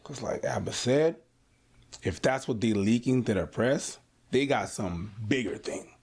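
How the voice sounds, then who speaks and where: A man co-hosting a podcast, talking in a casual, animated, slangy way. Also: mid-range voice, a little slow, breathy edge. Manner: animated, slangy, acts out quotes. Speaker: podcast co-host. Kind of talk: casual chat.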